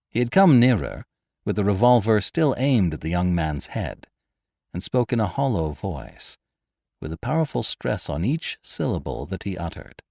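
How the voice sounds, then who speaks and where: Guy reading a classic tale, dramatic, lots of pitch movement, lowish voice. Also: normal speed, creaky, no room sound, clean studio sound. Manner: expressive, dramatic storytelling. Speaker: audiobook narrator and podcast host. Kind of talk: scripted dramatic narration.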